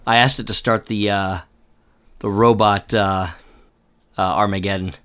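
A man's voice: fairly low pitch, steady tone, measured pace, fairly bright tone, clear, resonant tone. A man co-hosting a casual podcast chat, throwing in crude jokes. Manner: joking, crude asides. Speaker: podcast co-host.

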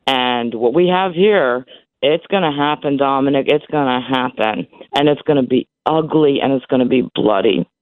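A woman in her sixties with a very deep voice phones in to a radio show. Her voice breaks with emotion as she speaks emphatically and repeats herself. The recording is dry, coming through a tinny telephone line.

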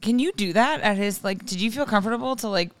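A woman's voice: mid-range voice, fast talker, no echo. A woman chatting candidly on a podcast, self-deprecating and chatty. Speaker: podcast co-host. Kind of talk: casual chat.

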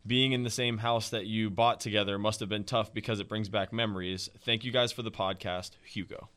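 A podcast co-host with a lowish, bright voice. He reads a listener's letter aloud in a plain, steady manner. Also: a little fast, clean tone. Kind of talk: reading a listener question aloud.

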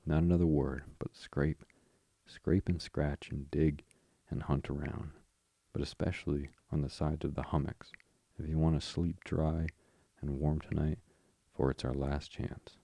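A man's voice: rumbling low, level tone, measured pace, creaky, mellow, no echo, exaggerated voice. A man reading a bedtime story, voicing a clever male water rat who is eager and impatient.

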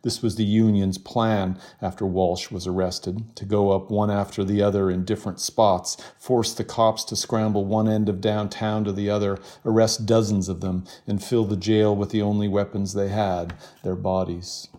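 A man, a novelist, reading from his novel in a steady, measured voice and then chatting in an interview. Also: fairly low pitch. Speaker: novelist guest.

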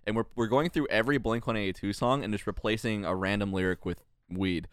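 Smooth-voiced young man telling stories. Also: on the low side, quick pace, dry recording, clean studio sound. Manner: animated storyteller, acts out quotes. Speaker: podcast host. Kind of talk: casual chat.

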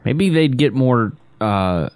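A man co-hosting a casual sports podcast, dropping short, deadpan one-liners. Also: mid-range voice, takes it slowly. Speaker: podcast co-host.

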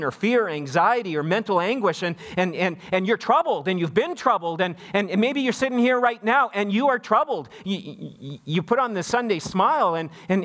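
Male pastor from Canada, slightly high voice, chatty sermon delivery, stumbles and repeats words. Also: fairly bright tone. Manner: conversational, repeats words when restarting; mimics others in a raised voice when quoting.

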